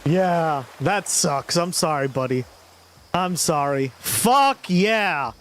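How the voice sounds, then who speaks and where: Man, livestreamer, slow drawl, profane reaction commentary, fairly high voice. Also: slight background noise. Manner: profane, drawn-out excited reactions to chat. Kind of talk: live stream reaction commentary.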